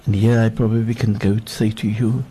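Husky, halting sheikh telling a story. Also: male voice, fairly low pitch, little pitch movement, mellow. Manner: slow, halting, with many restarts and repeated words. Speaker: sheikh, guest speaker. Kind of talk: storytelling sermon.

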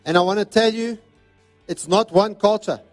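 A high-voiced man delivers a sermon, hammering his points home with repeated phrases. Soft music plays faintly beneath his voice. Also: normal speed. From South Africa. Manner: emphatic, repetitive preaching cadence. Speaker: pastor.

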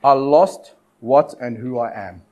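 A man preaching a sermon, urging his listeners with repeated phrases and dramatic pauses. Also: medium pitch, lo-fi sound. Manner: exhortative, repetitive cadence with dramatic pauses.

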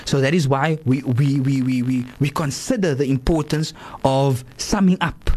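A man hosting a radio talk show, animated and repetitive, often checking in with "right?". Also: mid-range voice, normal speed. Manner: animated, repeats words, asks "right?" often.

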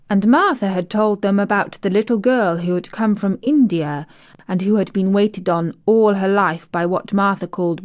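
A woman reading a classic children's novel aloud in a measured audiobook narration. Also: medium pitch, no echo, clean studio sound. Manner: slow, measured. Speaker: audiobook reader.

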